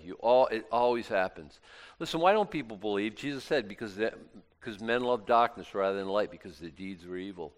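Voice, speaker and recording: A man preaching a sermon in a conversational way, swinging from loud exclamations to quiet asides and often restarting his words. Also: on the low side.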